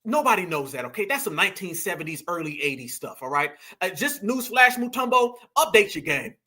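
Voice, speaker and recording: A man's voice: high voice, big pitch swings, fairly quick, pushed and bright. A middle-aged man, delivering a heated, preachy commentary rant and calling his listeners "fam". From United States. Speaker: online commentator.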